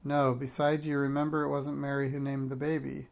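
A man's voice: mid-range voice, completely flat delivery, brisk, creaky, close to an everyday voice. A man voicing a patient but harried mother running a church pageant rehearsal, correcting firmly.

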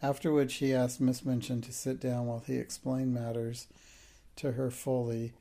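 A man narrating a classic novel as an audiobook in a measured, even manner. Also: mid-range voice.

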